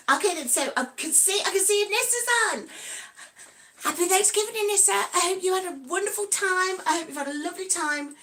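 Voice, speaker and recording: A woman's voice: very high voice, fairly bright tone. A woman in her sixties hosting a casual live stream, chatty and cheerful, giggling often and greeting viewers by name. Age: 60s. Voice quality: giggly, breaks into snatches of song.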